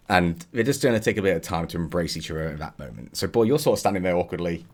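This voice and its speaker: Deep-voiced male game master. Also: expressive, fast, hardly any pauses. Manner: casual, rambling, with fillers and chuckles. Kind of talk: narrating a tabletop game.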